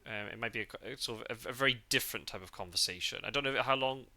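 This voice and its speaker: Bright-voiced British man chatting. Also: medium pitch, very fast. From United Kingdom. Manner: chatty, rambling, full of fillers and restarts. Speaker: podcast host. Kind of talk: casual chat. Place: parked car.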